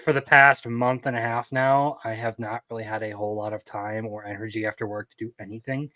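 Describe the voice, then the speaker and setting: A young man co-hosting a casual podcast, speaking in a relaxed, easygoing way with frequent ums. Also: fairly low pitch, brisk, dry recording. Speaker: podcast co-host. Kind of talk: casual chat.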